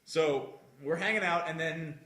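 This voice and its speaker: A young man with a bright, fairly high voice tells a story among friends, laughing easily as he talks. The room around him is echoey and lively. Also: measured pace. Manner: laughs often while telling a story, lively. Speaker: podcast co-host.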